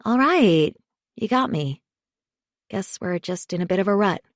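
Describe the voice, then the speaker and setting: A woman narrating a thriller audiobook in the first person, measured and understated. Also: lowish voice, animated, no room sound, clean studio sound.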